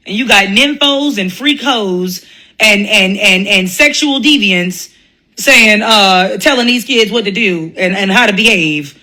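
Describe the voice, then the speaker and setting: Woman, bright tone, ranting commentary, profane, mocking impressions. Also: mid-range voice, normal speed, low-quality recording. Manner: blunt, profane, laughing often, mocking voices. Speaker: commentary vlogger.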